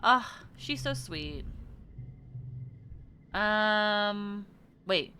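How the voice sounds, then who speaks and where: A woman's voice: medium pitch, expressive, drawn-out words, sharp tone, a little hiss or hum. A woman streamer chatting casually while playing a video game, thinking aloud and trailing off into murmurs. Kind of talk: casual let's-play commentary.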